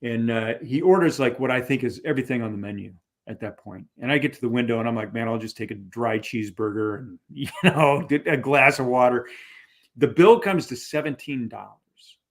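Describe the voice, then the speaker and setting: Middle-aged male guest, chatty storyteller, animated, mid-pitched. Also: fairly quick. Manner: animated, many fillers and restarts. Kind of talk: conversational storytelling.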